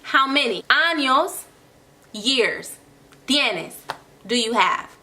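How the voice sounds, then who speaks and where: A young woman tutoring Spanish in a casual online lesson, encouraging and slowly repeating phrases for learners. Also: sits high, animated, sharp tone, slight background noise.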